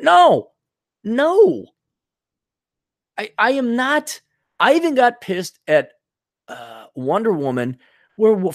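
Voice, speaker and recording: A man's voice: sits high, big pitch swings, slow pace, long pauses, dry recording, studio quality. Profane, blunt man ranting on a podcast. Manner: loose, digressive, with frequent restarts. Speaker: podcast host. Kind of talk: solo podcast rant.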